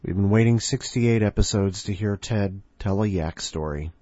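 A man's voice: lowish voice, moderate pace, dark tone, dry recording. A man hosting a podcast, joking and rambling in casual chat. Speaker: podcast host. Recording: dull lo-fi dry recording.

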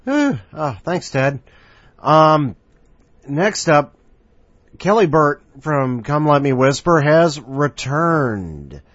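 Playful rambling podcast host. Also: male voice, on the high side, sing-song, very slow, fairly bright tone, dry recording. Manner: rambling, playful, self-mocking. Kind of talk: casual show hosting. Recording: dry, slightly muffled home recording.

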